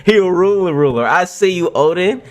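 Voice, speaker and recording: A man reacting live to a new manga chapter, excitable and profane, often laughing and exclaiming loudly. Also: high-pitched, a little fast.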